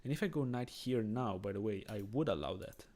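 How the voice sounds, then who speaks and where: Animated and fairly quick, a man with a fairly low, darkish voice streams a chess game, thinking aloud and chatting with viewers. He's from Switzerland, has a Swiss accent, and isn't a native English speaker.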